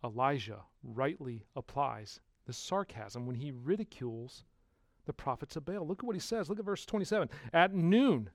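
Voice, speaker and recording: A man preaching a sermon as pastor, putting rhetorical questions to the congregation and swinging from hushed to loud. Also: mid-range voice, expressive, moderate pace, no echo, clean studio sound.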